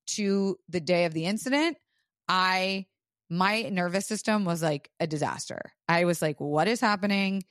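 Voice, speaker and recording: A woman's voice: on the low side, normal speed, no room sound, studio quality. A woman podcast host telling a personal story in casual chat, frank and profane, full of "like".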